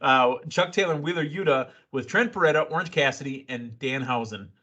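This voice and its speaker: Bright-voiced excitable male podcast host. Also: medium pitch, muffled recording. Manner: excitable, laughs often, quick asides. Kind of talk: casual wrestling recap chat.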